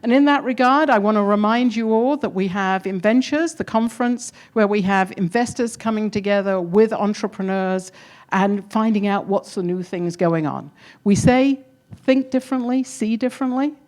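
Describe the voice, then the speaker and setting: The demo day keynote presenter, a woman with an English accent, speaks at normal speed in a mid-range, slightly mellow voice. Her live talk to the crowd is upbeat, encouraging, and chatty with the audience.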